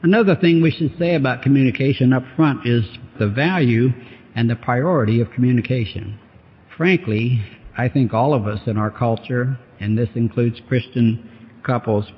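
A man's voice: medium pitch, moderate pace. A man preaching a sermon, emphatic and fond of repeating his phrases for effect. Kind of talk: sermon on marriage communication. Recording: dull sound with long hall reverb.

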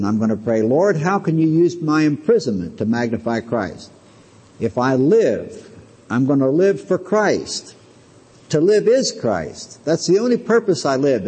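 A man's voice: mid-range voice, darkish tone, husky, big-room sound, low-quality recording. A man preaching a sermon, earnest and emphatic, teaching through scripture and personal anecdotes.

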